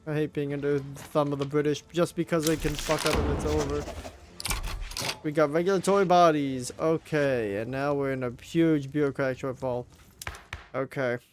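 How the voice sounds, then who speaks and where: Young man, gaming commentary, exasperated and swearing, slightly high voice, faint music behind. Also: steady tone, moderate pace. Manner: exasperated, swears, groans and pleads at the game. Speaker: gameplay commentator. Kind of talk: strategy game let's play commentary.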